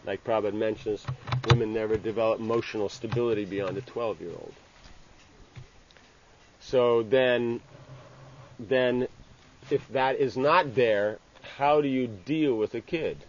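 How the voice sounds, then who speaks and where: A man giving an informal scripture class. He speaks haltingly, restarting phrases and tagging lines with "you know". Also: mid-range voice. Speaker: religious teacher. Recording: dull lo-fi with faint ambient hiss.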